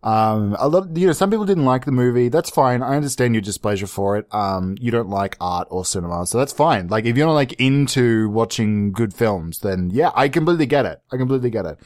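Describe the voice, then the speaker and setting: A man hosting a podcast, ranting sarcastically in a profane, rambling comedic monologue, jumping into high mock-outraged bursts. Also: expressive, a little fast, hardly any pauses, darkish tone, no room sound, clean studio sound. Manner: sarcastic, profane, tangent-prone. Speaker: podcast host.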